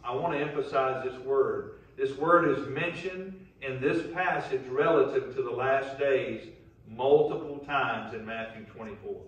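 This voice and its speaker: A man, preaching a sermon as pastor, building to loud emphatic calls. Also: mid-range voice, unhurried, very echoey, far from the mic, low-quality recording. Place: church sanctuary.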